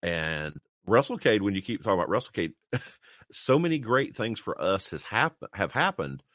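A man hosting a casual wrestling interview, an excitable, enthusiastic fan who chats eagerly with his guest. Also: fairly low pitch, moderate pace, dry recording, clean studio sound. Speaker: podcast host.

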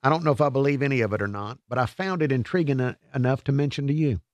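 A man's voice: mid-range voice, rapid-fire, no room sound. A man hosting a radio talk show, playful and self-mocking, often trailing off and restarting. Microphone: studio microphone.

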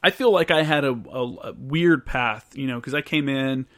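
A man's voice: medium pitch, moderate pace, a bit bright. A man hosting a show and answering listener questions, telling a story in a loose, casual way, swearing often and restarting his sentences. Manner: loose and profane, with many "like"s and restarts.

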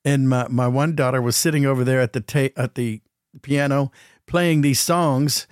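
A man hosting a podcast, telling a story in a casual, animated way and acting out what people said. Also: mid-range voice, normal speed, no echo, clean studio sound. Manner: animated, acts out quotes, chuckles. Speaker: podcast host.

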